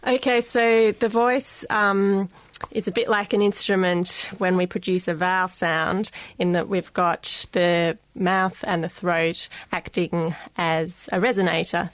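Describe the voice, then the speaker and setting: A woman with an Australian accent, a guest expert explaining speech science on a radio show in a studio, careful and measured with frequent ums. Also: fairly low pitch, dry recording. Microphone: studio mic.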